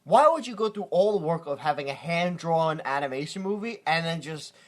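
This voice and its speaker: A man's voice: on the high side, animated, fairly quick. Laid-back man co-hosting, short replies. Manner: short agreeing replies, laughs, swears. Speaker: podcast co-host. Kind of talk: casual chat.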